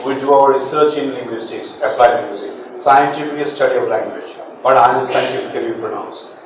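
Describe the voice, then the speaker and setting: A Bangladeshi man whose first language is Bengali, teaching English pronunciation in a classroom, modelling words with lively jokes and laughter. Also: medium pitch, brisk. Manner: animated, joking, laughs often, models words for students. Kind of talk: classroom lecture with repeat-after-me drills. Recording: echoey classroom, distant mic, background noise.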